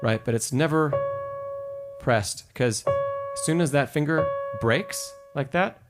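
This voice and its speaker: A man's voice: a little high, slow. A man teaching piano on a live stream, giving encouraging feedback and singing short phrases to show how they should sound. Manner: encouraging, sings phrases to demonstrate. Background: piano music.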